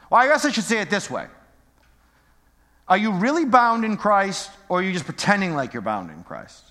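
Middle-aged pastor guy preaching casual, kinda high voice, lots of questions to the room. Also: pushed and bright. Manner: conversational, joking, rhetorical questions. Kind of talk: sermon. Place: church hall. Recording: echoey church hall.

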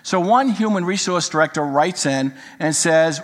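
A man's voice: a little high, moderate pace. An older man, a grandfather, preaching a sermon and mixing humorous stories with Bible teaching. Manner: storytelling, jokes then teaching, animated quoting. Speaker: pastor. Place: church sanctuary. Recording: long hall reverb.

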